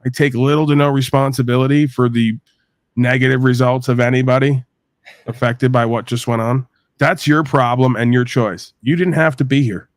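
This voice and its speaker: A man's voice: medium pitch, steady tone, moderate pace, no echo, clean studio sound. A man from New York hosting a podcast, talking in a crude, rambling, profane rant and venting. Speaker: podcast host. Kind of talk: profane ranting monologue.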